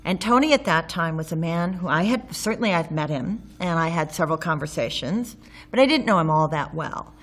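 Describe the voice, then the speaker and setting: A woman's voice: low-pitched, lively intonation, brisk. A woman telling a personal story in an interview, candid and wry, with frequent ums and restarts as she recalls events. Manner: candid, wry, with some sarcasm. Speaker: interviewee recalling local history.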